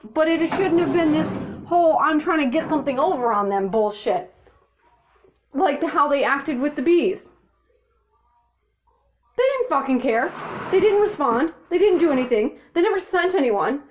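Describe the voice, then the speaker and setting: A young woman with a high-pitched voice vents in a furious vlog rant, swearing freely and talking bluntly. She sounds exasperated throughout. She records herself indoors at home on a handheld phone. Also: expressive, moderate pace, long pauses, a little mellow, a little hiss or hum. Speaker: vlogger. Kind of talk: angry rant to camera. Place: her apartment indoors.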